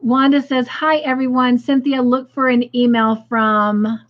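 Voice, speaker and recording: A woman's voice: high-pitched, little pitch movement, measured pace, muffled recording. A woman hosting a casual craft livestream, chatting and greeting viewers by name as she reads their comments aloud.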